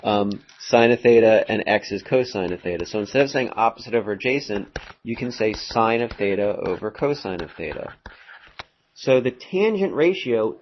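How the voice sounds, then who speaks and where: A man teaches a math lesson in a classroom, talking casually with plenty of fillers and asides to the students. His voice sits at a medium pitch. The recording sounds dull and lo-fi, picked up in the room. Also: slight background noise. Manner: chatty, rambling, full of fillers and asides to students. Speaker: high school math teacher.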